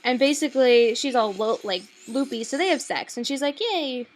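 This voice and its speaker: A woman's voice: on the high side, brisk, faint music behind. A young woman rambling through a casual, sarcastic film review at home at night, swearing often and filling her talk with likes and ums.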